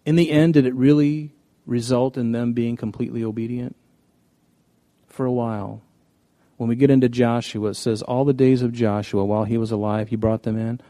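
A pastor preaches a conversational sermon, telling stories in a folksy manner with frequent restarts. His mid-range voice is mellow, and the recording is dry.

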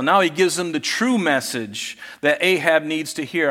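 A man's voice: fairly high pitch, moderate pace, hardly any pauses, a bit bright. A man preaching a sermon in a conversational style, acting out scripture scenes as he retells them. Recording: reverberant hall.

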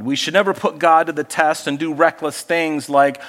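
A man's voice: on the high side, fairly even intonation, moderate pace, hardly any pauses, a bit bright, long reverb tail. A male pastor preaching a sermon in a conversational way, asking the congregation questions and acting out little voices.

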